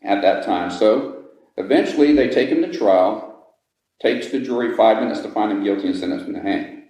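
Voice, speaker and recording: A man telling a ghost story to visitors inside an old jail, with slow, dramatic pacing. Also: lowish voice, warm tone. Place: old jail building, indoors. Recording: echoey stone room.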